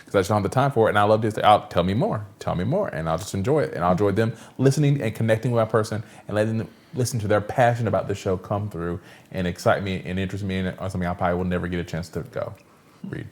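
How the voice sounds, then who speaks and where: Fast-talking low-voiced man, chatty guest. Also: a little mellow. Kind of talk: casual panel chat.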